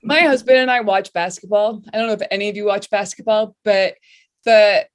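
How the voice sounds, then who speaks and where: A woman speaking as an artist opening her talk, chatty and warm, with many restarts. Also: medium pitch, fairly even intonation, brisk. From Western Massachusetts. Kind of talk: casual talk over video call.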